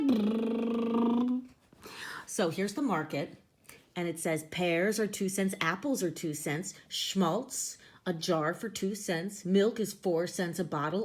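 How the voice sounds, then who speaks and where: A woman reading a picture book aloud and chatting about the pages, explaining words as she goes. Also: on the low side. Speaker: storybook reader.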